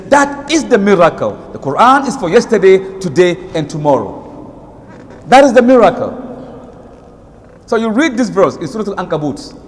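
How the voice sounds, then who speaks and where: A man with a Nigerian accent preaching an emphatic sermon and reciting Arabic verses. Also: sits high. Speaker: Islamic preacher. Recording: long reverb of a hall.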